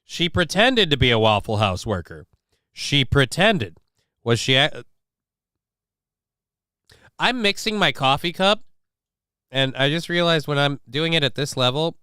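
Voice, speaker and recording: A middle-aged man hosts a live stream in a casual, rambling way, throwing in sarcastic asides and mock-indignant questions. His voice sits fairly high for a man and sounds smooth and clean. The close mic is dry, with no room echo. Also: sing-song, unhurried, pauses often, sharp tone. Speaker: live-stream show host.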